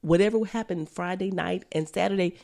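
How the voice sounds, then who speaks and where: A woman's voice: fairly low pitch, brisk, creaky, warm tone. A young woman co-hosting a podcast, chatting casually and loosely, with frequent cursing. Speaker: podcast co-host. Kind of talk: casual chat. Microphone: headphones on.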